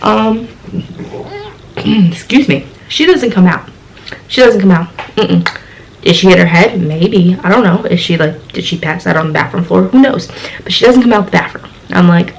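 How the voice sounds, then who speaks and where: Dramatic woman with a gravelly edge. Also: moderate pace, poor audio. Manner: dramatic, acts out her own lines with big pitch jumps. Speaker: storytime vlogger. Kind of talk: animated storytelling to camera.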